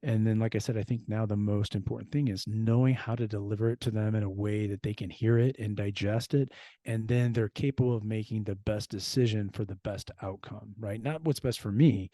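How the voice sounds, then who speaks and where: In a fairly low, dark-toned voice recorded dry, an American man speaks as a guest in a casual interview. A former US Marine and security expert, he comes across as earnest and reflective and often starts his sentences over.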